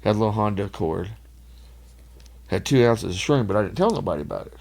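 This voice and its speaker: A man, a podcast guest telling rambling party stories in casual chat, laughing often and getting loud when he acts out other people. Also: on the low side, lively intonation, quick pace, vocal fry.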